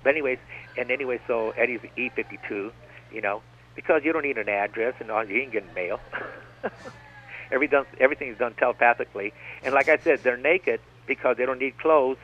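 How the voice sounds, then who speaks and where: A man's voice: medium pitch, a little fast, a little hiss or hum. A man speaking as a radio guest, rambling and digressive, often circling back with "like I said.". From United States. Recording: tinny phone-line radio broadcast.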